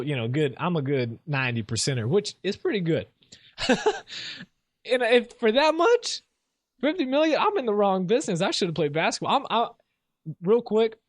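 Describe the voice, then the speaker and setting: Young guy ranting about sports, rambly and jokey, high voice that jumps around a lot, dry close sound. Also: dry recording. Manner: casual, rambling, self-mocking, laughs often. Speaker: sports podcast host. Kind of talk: solo sports talk and rants.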